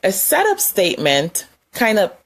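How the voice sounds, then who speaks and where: A woman's voice: mid-range voice, huge pitch swings, a little slow. A woman giving a casual, conversational lesson, demonstrating tapping points with her hands and chuckling now and then. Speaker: wellness instructor. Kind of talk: casual instructional talk.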